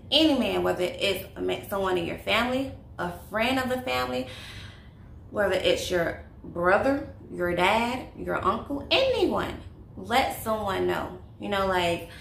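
Here the Louisiana vlogger speaks in a mid-range voice, still gravelly, pushed and bright. She chats confidingly through her casual story-time video, leaning on fillers, while the echoey room adds faint noise.

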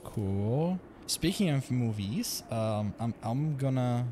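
A young man with a mid-range, mellow voice streams a video game from home, speaking slowly but animatedly over slight background noise. His casual livestream chat rambles, with frequent swearing and laughter.

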